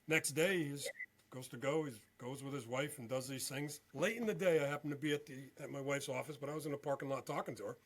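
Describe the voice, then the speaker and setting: A male veteran and podcast guest telling a story in an animated way, often checking in with "okay?". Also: mid-range voice, fast. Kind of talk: storytelling interview.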